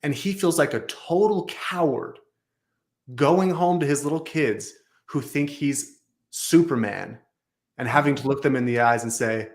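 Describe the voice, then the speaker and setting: A man's voice: medium pitch, fairly even intonation, a little slow. A man speaking as a guest on a business talk show, telling a story with emphatic repetition. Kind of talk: storytelling in conversation.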